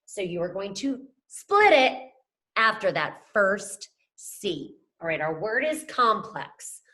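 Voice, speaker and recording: A woman's voice: medium pitch, big pitch swings, slow pace, pushed and bright. A young adult woman teacher giving a phonics lesson to children, upbeat and encouraging, talking to them as friends. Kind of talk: scripted classroom lesson to camera.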